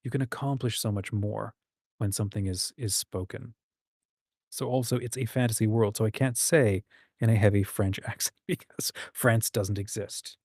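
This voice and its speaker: A man's voice: lowish voice, fairly even intonation, moderate pace, a little mellow, slightly rough, dry recording, studio quality. A man hosting a casual livestream about writing, reading out viewer comments and musing aloud with frequent ums and restarts. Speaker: host.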